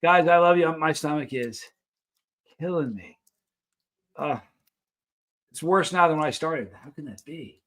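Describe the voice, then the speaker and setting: A man hosts a casual livestream, rambling and chatting straight to his viewers. His voice sits a bit higher than most men's. He talks loosely, in loose, easygoing chat. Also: measured pace, pauses often, fairly bright tone. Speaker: livestream host.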